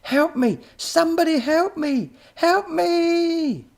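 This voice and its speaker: A man voicing a scheming villainous professor who snaps and gloats in drawn-out words in a storybook. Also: mid-range voice, big pitch swings, vocal fry, slightly rough, pitched above the performer's own voice, exaggerated voice. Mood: panicked.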